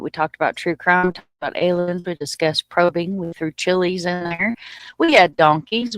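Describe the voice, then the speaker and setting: Lower-voiced lady rambling on her live stream, a bit winded, dry close mic. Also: dry recording. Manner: chatty and informal, talking to viewers. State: a little short of breath. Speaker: livestream host. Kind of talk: casual livestream chat.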